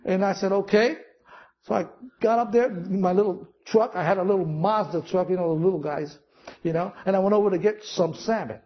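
A man's voice: high-pitched, brisk, dull audio. A man preaching a sermon, telling stories with acted-out quotes and chuckling as he goes. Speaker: pastor.

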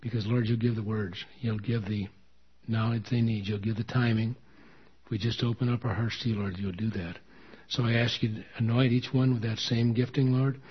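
A man's voice: on the low side, level tone, moderate pace, breathy edge. A man leading a church meeting, speaking with earnest conviction and then praying fervently over the gathering. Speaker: pastor. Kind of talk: sermon and closing prayer. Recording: dull lo-fi recording.

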